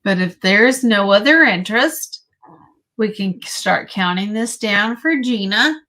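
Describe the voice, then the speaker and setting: A woman's voice: medium pitch, expressive, unhurried, pushed and bright. A woman hosting a live online vintage sale, praising items enthusiastically and announcing upcoming shows.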